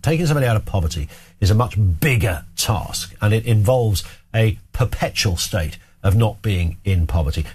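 A man's voice: mid-range voice, husky. A man hosting an opinion talk show, delivering a sarcastic, scornful monologue with jokey asides. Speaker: host.

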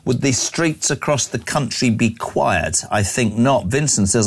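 A man hosting live talk radio, speaking. He reads out listener messages and reacts in a blunt, indignant, bantering way, and his voice sits at an ordinary mid pitch. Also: slightly rough. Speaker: radio host.

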